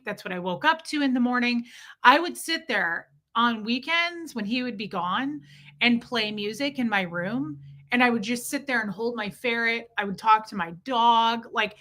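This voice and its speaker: A young woman hosts a casual, confessional livestream from a room at home. Her bright voice rambles with fillers and restarts, and her candid, emotionally charged talk sits close to tears. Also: on the high side. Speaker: livestream host.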